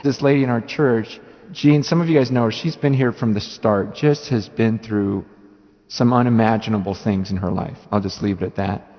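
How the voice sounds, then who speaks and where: A man preaching a sermon as a pastor, telling a story with lively, acted-out quotes. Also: on the low side, moderate pace. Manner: animated storytelling, acting out voices in quotes. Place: church hall. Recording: roomy hall reverb, dull audio, faint music.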